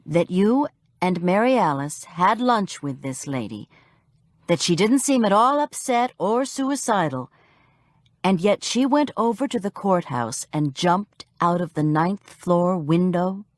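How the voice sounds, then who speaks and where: A woman doing a calm, probing older husband. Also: fairly low pitch, unhurried, dry recording, clean studio sound. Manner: gentle, questioning.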